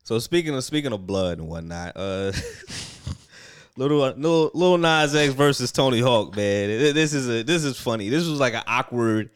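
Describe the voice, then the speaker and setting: A young man co-hosting a laid-back talk show. His voice is smooth and resonant, and his pitch swings widely as he tells animated stories full of slang. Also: moderate pace. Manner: animated storytelling with bursts of laughter. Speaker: podcast co-host. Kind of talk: casual banter.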